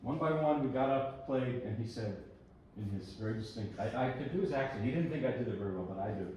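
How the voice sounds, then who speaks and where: A man introducing pieces at a recital, talking in a relaxed, rambling and self-deprecating way. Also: mid-range voice, fast talker, slight background noise. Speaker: pianist giving a recital talk. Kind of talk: casual spoken introduction between pieces. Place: recital hall. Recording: echoey hall, voice heard from far off.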